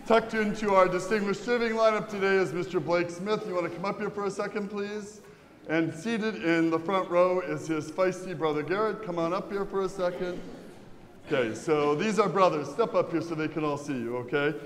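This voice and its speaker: A man preaching a sermon as a pastor, lively and questioning his congregation. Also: high voice, normal speed, a little hiss or hum. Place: large church. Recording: long church reverb, faint ambience.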